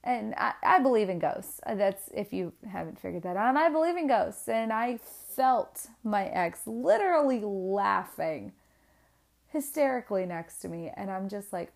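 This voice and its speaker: Speaking to camera at a moderate pace in a creaky voice, a single mom in her 20s recounts a personal story with candor and emotion. She restarts frequently, and her pitch and volume rise whenever she gets worked up.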